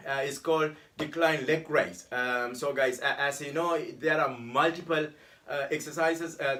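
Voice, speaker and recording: A fitness instructor talks viewers through an ab routine in a loose, chatty way. This man's voice sits slightly high for a man, and he keeps circling back to the same points. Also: pushed and bright. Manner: chatty, repeats "guys" and "right?", calls the abs "this man". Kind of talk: casual workout tutorial.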